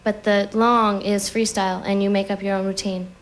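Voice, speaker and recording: Young woman on a game show, matter-of-fact, bit halting, medium voice. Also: mid-range voice, little pitch movement, slight background noise.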